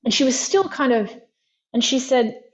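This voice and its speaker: A woman with a somewhat high voice talks through an example in a loose, chatty way, sprinkling in "like" often. The audio is dull and lo-fi, as over an online call. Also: animated, moderate pace. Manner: chatty, frequent "like" fillers. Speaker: guest therapy practitioner. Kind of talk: conversational storytelling.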